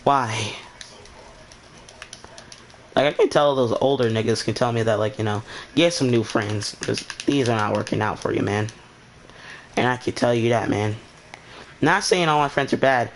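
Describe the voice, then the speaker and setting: A man's voice: mid-range voice, normal speed, pauses often, slight background noise. A young man hosting his channel, telling a rambling story in a casual way and asking why again and again in exasperation. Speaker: channel host.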